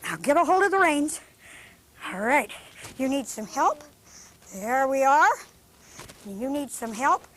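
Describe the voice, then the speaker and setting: Lady kids-show host, high voice, takes her time, sing-songy and patient with the little ones. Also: big pitch swings, slow, long pauses, a little hiss or hum. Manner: gentle, patient, sing-song teacherly talk. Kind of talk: teaching a studio group of young children.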